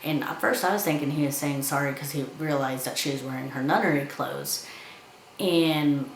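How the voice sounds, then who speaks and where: A woman with a low, deep voice talks through a film's plot in a loose, chatty way, slipping into the characters' lines as she goes. Her voice rings in an echoey room, with a faint hum of background noise. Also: moderate pace. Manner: chatty, retells scenes by acting out quotes. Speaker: film reviewer. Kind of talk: casual film review and plot retelling.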